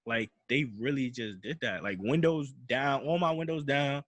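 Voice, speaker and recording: A man's voice: mid-range voice, moderate pace, dry recording. Young man, storytelling. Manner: slangy, repeats "I'm like" and restarts while retelling. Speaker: podcast host. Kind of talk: casual personal storytelling.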